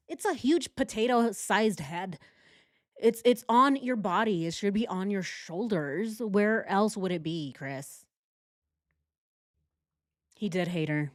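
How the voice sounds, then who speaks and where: A woman's voice: medium pitch, animated, unhurried, no echo, clean studio sound. Sarcastic woman reacting to true crime texts. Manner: sarcastic, exasperated. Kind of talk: true crime commentary reading text messages.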